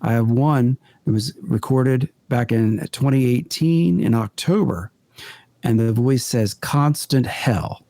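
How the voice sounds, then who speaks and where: A man guest on a podcast, a paranormal investigator, telling his experiences in an earnest, deliberate way. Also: medium pitch, dark tone, dry recording. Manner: earnest, deliberate, builds stories step by step. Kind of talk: conversational storytelling in an interview.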